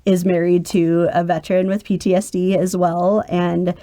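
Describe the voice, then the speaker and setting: In a dry recording, a woman in her forties who works as a military caregiver speaks earnestly in a podcast interview. Her fairly low voice moves at a moderate pace as she tells animated stories, acting out the quotes.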